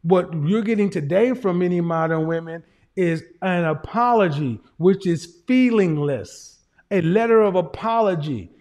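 A man's voice: high-pitched, normal speed, darkish tone. A man giving casual livestream commentary in a blunt, emphatic, profane lecturing manner. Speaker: streamer and commentator.

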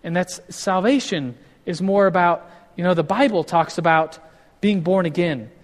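Male pastor, casual teaching sermon, fairly high voice, long hall reverb. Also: moderate pace. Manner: conversational, with many restarts and acted-out quotes.

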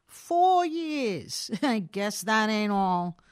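A woman's voice: medium pitch, very animated, extremely slow, clean tone. A woman voicing an easygoing male burglar in an audiobook reading, talking in a casual, conversational, slangy way. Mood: folksy.

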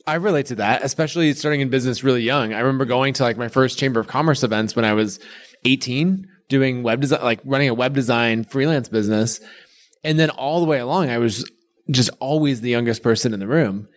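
A man co-hosting a podcast, sharing a memory and asking relaxed follow-up questions. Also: mid-range voice, quick pace. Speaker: podcast co-host. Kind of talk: casual conversation.

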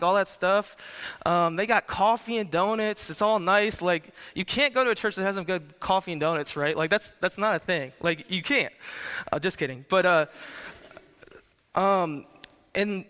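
A man's voice: sits high, pushed and bright, smooth. A young man in his twenties giving a chatty, joking sermon, telling stories with many fillers. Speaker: youth speaker. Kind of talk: casual sermon with storytelling. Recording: reverberant hall.

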